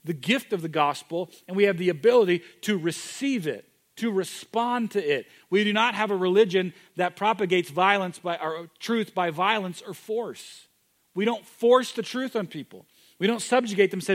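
A man preaching a sermon, moving from loud, emphatic declarations to hushed, intimate moments. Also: high voice, lively intonation, moderate pace. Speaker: pastor.

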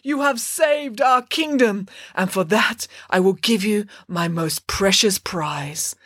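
A woman's voice: medium pitch, slow, a bit bright, slightly rough, no echo, studio quality. A woman voicing a pompous older male king who speaks formally. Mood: grand.

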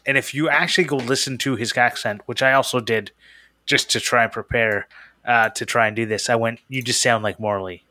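A man co-hosting a podcast, joking in an animated, casual way. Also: medium pitch, brisk, no room sound. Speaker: podcast co-host.

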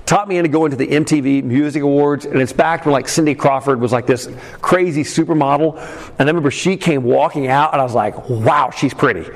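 A man preaching a sermon as a pastor, telling a personal story with many fillers and some shouted peaks. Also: a little high, a little fast. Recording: long hall reverb.

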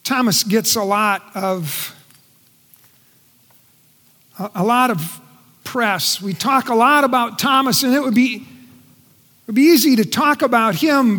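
A man preaching a sermon in earnest, his voice dropping soft and quiet when he speaks quoted words. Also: extremely high pitch. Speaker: pastor. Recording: long reverb in a large hall.

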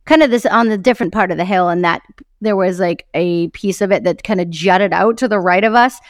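This podcast co-host keeps the talk casual and upbeat, breaking into frequent laughter. She speaks briskly at a medium pitch, and the studio-quality recording carries no room sound.

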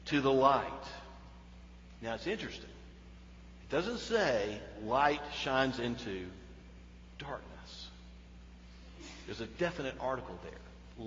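A male pastor preaching a sermon, swinging between loud emphatic peaks and hushed low passages. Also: slight background noise. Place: church sanctuary. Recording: echoey hall, dull sound.

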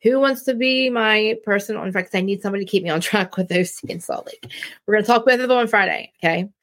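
Jersey-accented woman host, blunt, rambling live chat, mid pitch with vocal fry. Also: quick pace, fairly bright tone. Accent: New Jersey. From New Jersey. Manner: rambling, blunt, many restarts. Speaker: live-stream podcast host. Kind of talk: casual live-stream chat.

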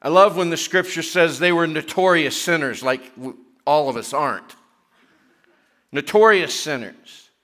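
Male pastor, middle-aged, slightly high, bright tone; casual sermon with joking asides. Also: unhurried. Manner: chatty, self-deprecating asides between scripture readings; rising in pitch and force when reading and pressing scripture.

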